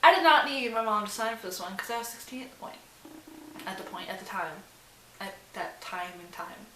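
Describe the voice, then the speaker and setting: A woman's voice: mid-range voice, lively intonation, fairly quick, fairly bright tone. A young woman telling a story to camera in casual, rambling vlog style, full of fillers and swearing. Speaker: vlogger. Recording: roomy sound with faint hiss.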